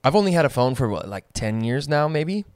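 A man's voice: a little high, big pitch swings, a little fast, darkish tone, no echo, clean studio sound. A young man co-hosting a podcast, chatting casually and thinking aloud with lots of fillers. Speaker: podcast co-host. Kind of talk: casual chat.

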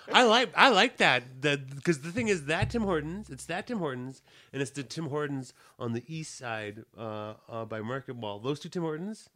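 A man's voice: fairly high pitch, big pitch swings, measured pace, a bit bright. A young man from Canada in casual chat, rambling and teasing with frequent laughter.

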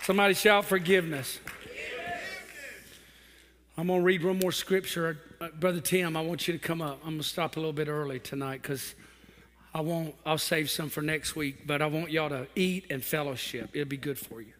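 A man preaching a sermon as pastor, rising to fervent shouts and sinking back to a low voice. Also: fairly even intonation, moderate pace, a little hiss or hum. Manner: preaches in swelling shouts, then drops to a low quiet voice. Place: church hall with a congregation. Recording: long hall reverb with faint music.

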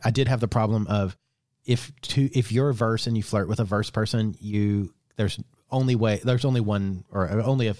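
A man co-hosting a podcast in casual chat, animated and joking, with frequent restarts. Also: on the low side, moderate pace, no echo, studio quality. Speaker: podcast co-host.

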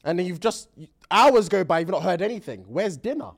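A young man, co-hosting a podcast, often laughing and quickly backing up his friend. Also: sits high, expressive, vocal fry. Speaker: podcast co-host. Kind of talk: casual chat.

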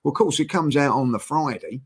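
A man's voice: fairly high pitch, a little fast, breathy edge. Rambling man telling a story. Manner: rambling, repeats himself, restarts often. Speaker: guest. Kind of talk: casual storytelling interview.

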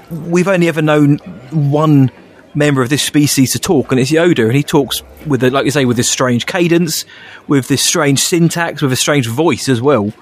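A man co-hosting a podcast, rambling and self-mocking in casual chat, laughing often. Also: fairly high pitch. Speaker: podcast co-host.

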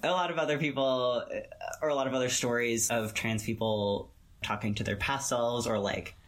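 A man speaking earnestly in a relaxed, casual podcast-style chat. His voice sits at an everyday middle pitch, and his sentences run long and loose, strung together with "like" and "you know". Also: normal speed. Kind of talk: casual conversation.

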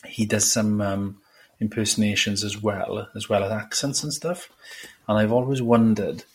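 A man's voice: fairly low pitch, steady tone, normal speed, breathy edge. A young man co-hosting a casual podcast, chatty and a little hesitant with frequent ums. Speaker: podcast co-host. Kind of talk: casual chat.

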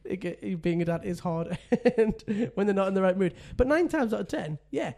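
A man in his thirties co-hosting a casual podcast chat. His voice sits fairly high for a man. He tells stories in a chatty way and laughs often. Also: expressive, moderate pace, creaky, darkish tone. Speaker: podcast co-host.

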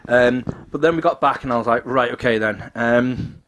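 A man's voice: mid-range voice, normal speed, fairly bright tone, slight background noise. Brief: young guy, co-host, swears, acts out quotes. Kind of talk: casual chat, storytelling.

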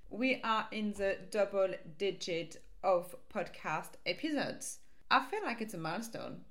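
A woman's voice: mid-range voice, animated, unhurried, fairly bright tone. French-accented woman hosting a chatty podcast. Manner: chatty, upbeat, with fillers and restarts. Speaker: podcast host and life coach. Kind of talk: casual solo podcast.

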